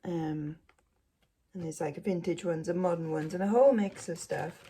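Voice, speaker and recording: A woman's voice: lowish voice, normal speed, heavy background noise. A woman vlogging casually from home, rambling and self-mocking, with many fillers. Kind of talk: casual chat to camera.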